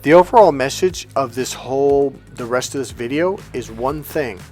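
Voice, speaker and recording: A man's voice: medium pitch, expressive, normal speed, a little mellow, soft background music. A man giving a motivational vlog monologue as a coach, blunt, profane and emphatic. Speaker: relationship coach.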